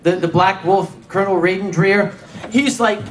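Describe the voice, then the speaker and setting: A man's voice: sits high, normal speed, a little hiss or hum. A man hosting a comedy panel, joking and interjecting with profane banter. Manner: animated, profane, jokes and interjects. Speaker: panel host.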